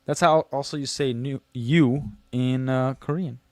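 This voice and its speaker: A man's voice: mid-range voice, fairly even intonation, measured pace, a little mellow, no echo. A man hosting a casual livestream, reading chat messages aloud and answering them with slangy jokes and teasing. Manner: slangy, loose delivery with many fillers. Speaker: livestream host.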